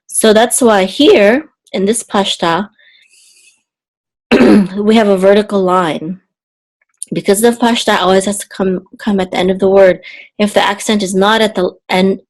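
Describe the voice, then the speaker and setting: Brief: woman Hebrew teacher, slightly hoarse, unhurried delivery, chants verses. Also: mid-range voice. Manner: patient, repeats terms, chants the verses. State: slightly hoarse, clearing her throat. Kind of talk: slow explanatory lesson with chanted Hebrew.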